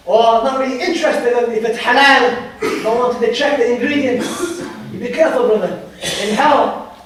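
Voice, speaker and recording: A man's voice: very high voice, a bit bright. A man preaching a sermon, emphatic, repeating phrases for weight. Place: mosque prayer hall. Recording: very echoey hall, voice far from mic.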